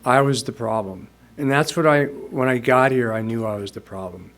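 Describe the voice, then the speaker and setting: A man's voice: medium pitch, normal speed, a bit bright. Rambling storyteller man in his 60s. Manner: casual, rambling, chuckles while telling. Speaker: speaker at a recovery meeting. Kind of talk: personal storytelling testimony.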